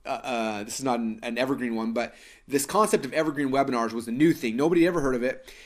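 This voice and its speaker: A man in his thirties from Idaho tells a story to a live webinar audience. His middle-pitched voice races along, full of fillers and quick restarts. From Idaho, USA. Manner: fast, animated storytelling with many fillers and restarts. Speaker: webinar presenter.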